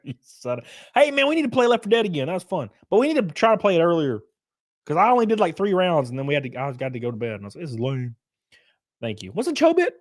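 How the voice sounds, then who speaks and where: A young man hosting a casual livestream, ranting with heavy swearing. His voice sits high and leaps around in pitch, dropping to mumbled asides between loud bursts. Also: expressive, fast talker. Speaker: streamer.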